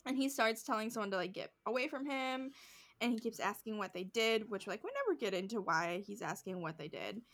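A woman's voice: medium pitch, fairly quick, a bit bright. A woman in casual podcast chat, recapping a show with lots of fillers and acted-out quotes. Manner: chatty, heavy use of "like", acts out quotes. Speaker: podcast co-host.

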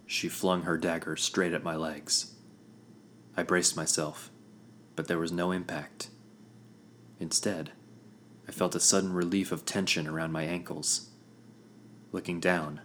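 A man with a very deep voice reads a first-person fantasy audiobook at an unhurried pace. His delivery is measured and grave. Music plays clearly under his narration. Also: level tone. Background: background music.

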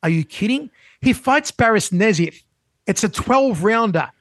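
Sports co-host, man, high-pitched voice, dry close sound, lively storyteller. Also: dry recording. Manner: animated storyteller, fast bursts. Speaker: show co-host and interviewer. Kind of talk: casual sports show chat.

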